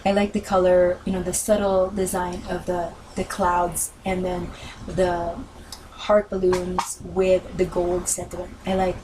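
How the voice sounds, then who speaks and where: A woman's voice: lowish voice, completely flat delivery, unhurried, recorded from a distance, background noise. A woman narrating a crafting video in a casual voice-over, rambling with many ums and self-corrections, her voice worn from talking. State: losing her voice.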